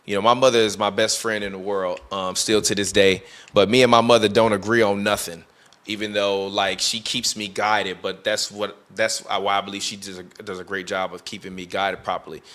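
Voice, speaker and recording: A man's voice: lowish voice, a little fast. A man chatting casually on a talk show, telling a story with lots of fillers and restarts and acting out what people said. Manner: animated storytelling, acting out quoted voices. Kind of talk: casual chat.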